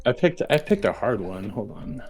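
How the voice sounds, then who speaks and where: A man's voice: lowish voice, big pitch swings, moderate pace, a little mellow, faint music behind. Goofy stammering man on a stream. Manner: goofy, self-amused, stammering. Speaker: stream guest. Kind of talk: casual stream chat.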